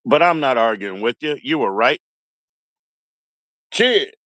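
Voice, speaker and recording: A man's voice: mid-range voice, expressive, slow pace, fairly bright tone, no echo, dull audio. A man chatting casually on a live stream, rambling and laid-back as he greets viewers one by one. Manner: rambling, laid-back, greets chat members, mock Aussie slang. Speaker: livestream host.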